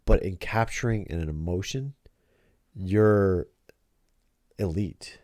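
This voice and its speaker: Middle-aged male host, very low mellow voice, halting restarts, dry close sound. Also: dry recording. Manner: halting, repeats words when starting a thought. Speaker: podcast host. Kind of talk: casual chat with his daughter.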